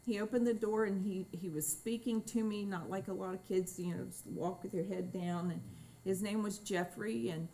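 Woman, mid pitch, chatty board chair, storytelling with fillers, faint noise. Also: steady tone, moderate pace, hardly any pauses, poor audio. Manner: chatty, warm anecdotal remarks with fillers. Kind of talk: formal meeting remarks. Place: meeting room.

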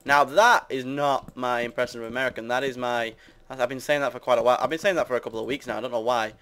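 A young British gamer with a mid-range voice rambles casually through Let's Play commentary on a building game, joking with his viewers. He talks rapid-fire with fairly even intonation, and his tone is a bit bright, clear and resonant. He's chatty and self-mocking throughout.

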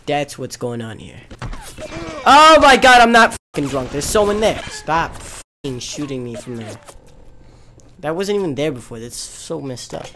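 A young man doing gaming commentary, frustrated and swearing as he yells at enemies. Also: very animated, measured pace, pauses often, a little hiss or hum. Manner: frustrated, swearing, yelling at enemies, with wild swings in pitch. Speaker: gamer.

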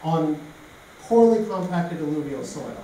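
A man's voice: a little high, lively intonation, measured pace, mellow. A man from Canada giving an informal public lecture, telling anecdotes along the way. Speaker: guest lecturer. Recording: echoey room from a distance, faint noise.

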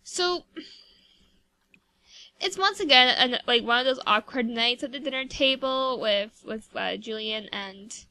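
High-voiced chatty woman gamer. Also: unhurried, sharp tone. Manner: rambling, chatty, full of "like". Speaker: gameplay video host. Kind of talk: casual gameplay commentary.

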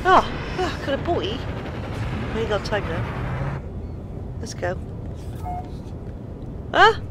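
Slow, swearing British woman gamer. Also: medium pitch, wildly swooping pitch, background noise. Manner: swears and laughs at her own mishaps. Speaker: game streamer. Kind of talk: casual let's-play commentary.

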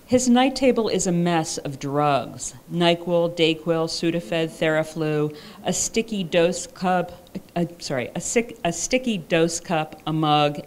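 A woman reads her own novel to a conference audience, her voice sitting slightly low. The delivery is dry and wry, and it moves the first-person story along plainly. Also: a little hiss or hum. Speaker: author reading her fiction. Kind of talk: reading aloud from a novel. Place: live reading at a writers' conference.

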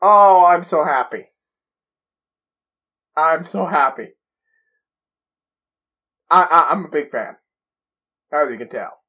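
A man's voice: on the high side, expressive, takes it slowly, long pauses, lo-fi sound. A man hosting a reaction video, talking in a giddy, rambling way full of stammered restarts. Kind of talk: excited reaction commentary.

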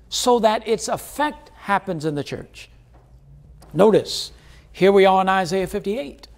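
A man preaching a sermon as pastor, driving points home with repeated phrases and questions to the congregation. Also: high voice.

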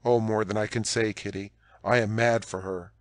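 A cocky, smitten young swordsman, gallant and sure of himself, in a deep low voice, as a male reader plays him from a classic storybook, recorded dry and close. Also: steady tone, moderate pace, dry recording, lightly acted.

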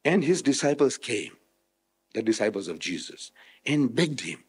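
A man from South Africa giving a public religious lecture, switching between loud rhetorical questions and quiet explanation. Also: mid-range voice, very animated, moderate pace, husky. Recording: echoey hall, old remastered recording.

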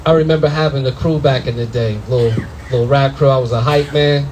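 A young adult man doing a loud, animated stand-up comedy set in a comedy club, full of profanity and acted-out voices. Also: medium pitch, fairly quick, a little hiss or hum, poor audio.

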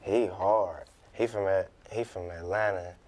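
A man's voice: sits low, steady tone, a little slow, a little mellow. A man from Compton, a guest singer, talking in a laid-back casual chat. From Compton, California.

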